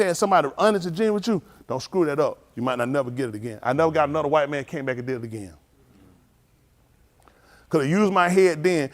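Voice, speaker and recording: Animated man preaching with street stories. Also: a little high. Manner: animated storytelling, acts out dialogue, scolding the audience. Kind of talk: livestreamed sermon with street stories.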